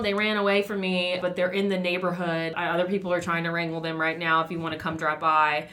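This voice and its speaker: A woman radio host telling a story in casual podcast chat, animated and quick to act out the people in it. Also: lowish voice.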